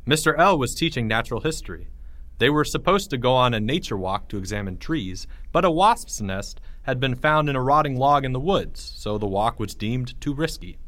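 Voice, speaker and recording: A man reading a children's story aloud in a playful, expressive way. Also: medium pitch, dry recording. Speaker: narrator.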